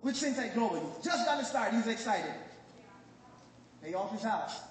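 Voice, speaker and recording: A man's voice: high-pitched, normal speed. A man with a Jamaican accent giving a motivational business talk to a crowd, joking and telling stories and quizzing the audience. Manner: joking, animated storyteller who questions the crowd. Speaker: business presenter. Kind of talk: motivational speech to a live audience. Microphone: phone recording from the audience, far off. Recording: echoey hall, distant phone recording, faint noise.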